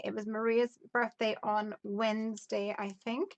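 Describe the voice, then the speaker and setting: A woman in her thirties from Northern Ireland, with a softened Northern Irish accent, hosting a crafting live stream in a casual, upbeat way, reading out viewer comments and thinking aloud while she works. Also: fairly high pitch, level tone, a little slow, highs cut off. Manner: chatty and upbeat, laughs often, thinks aloud while measuring.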